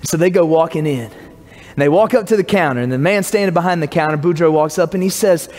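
A man preaching from a church pulpit, his voice high for a man and carrying a long reverb through the sanctuary. He talks in a folksy, easygoing way, full of little fillers. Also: brisk, a little mellow. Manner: folksy, casual storytelling with filler words. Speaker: pastor. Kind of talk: sermon with a joke and announcements.

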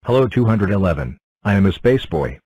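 Number block for a cartoon, male voice, low and dry, stiff self-introductions. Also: brisk, no room sound, highs cut off. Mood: plain. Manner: announces itself in short flat sentences. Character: cheerful talking number block.

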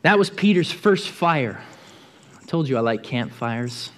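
A man's voice: medium pitch, expressive, unhurried. A man preaching a sermon in a church, telling the story vividly and often repeating words as he goes.

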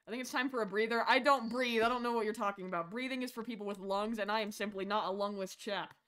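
A woman streamer chatting through a horror game, swinging between shouted insults and quiet mumbling asides, rambling and joking with her chat. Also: mid-range voice, quick pace.

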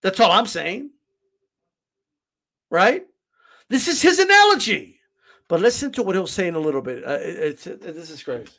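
Man, reaction host, argumentative, high and animated delivery. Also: normal speed, pauses often. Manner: argumentative, keeps repeating "right?". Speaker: channel host reacting to a clip. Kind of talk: heated reaction commentary.

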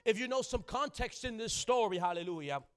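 A young adult man preaching a rousing sermon, calling for the congregation to answer and often breaking into shouts. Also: high voice, animated, brisk, smooth.

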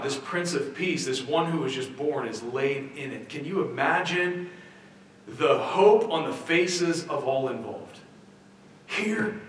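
A man's voice: a little high, a bit bright, a little hiss or hum. Man preaching in a very echoey church. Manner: conversational preaching with frequent restarts and rhetorical questions. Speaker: pastor. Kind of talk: sermon. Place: church sanctuary. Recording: very echoey church hall, mic at a distance.

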